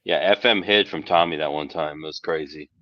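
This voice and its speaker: A man's voice: very deep voice, a little fast, dry recording, muffled recording. A man teasing friends in casual group chat banter, laughing often.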